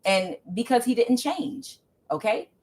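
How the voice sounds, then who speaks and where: A woman's voice: a little high, lively intonation, a little slow, a little mellow, slightly rough. A woman giving a casual tarot reading, talking emphatically and often checking in with "okay?". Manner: emphatic, keeps asking "okay?", ranting asides. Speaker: tarot reader.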